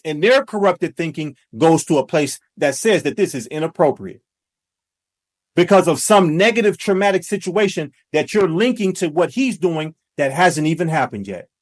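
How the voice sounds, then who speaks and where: High-voiced man giving impassioned commentary. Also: very animated, moderate pace. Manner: preachy, emphatic, rising to shouts. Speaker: commentary host.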